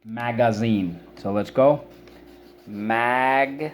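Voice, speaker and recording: A middle-aged man walks children through a spelling and vocabulary lesson, piling up examples to explain each word. His voice sits at an ordinary middle pitch. A faint hiss of background noise runs under the recording. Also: steady tone, normal speed. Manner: patient, explains words with many examples and restarts. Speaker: teacher.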